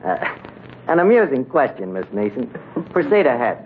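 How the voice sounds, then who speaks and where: A man's voice: medium pitch, very animated, normal speed, natural voice. A man playing a wisecracking tavern manager in a 1940s radio comedy, with mangled grammar and malapropisms. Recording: tinny hissy 1940s radio broadcast.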